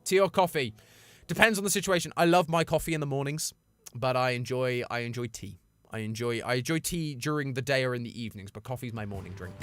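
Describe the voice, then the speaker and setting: A man chatting casually with his live-stream chat, playful and full of quick asides. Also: medium pitch, a bit bright, faint music behind.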